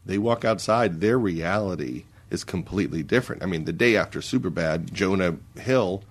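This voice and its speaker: A man telling comic anecdotes in a casual podcast chat as a guest, jumping into high, exasperated voices as he acts out his stories. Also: moderate pace.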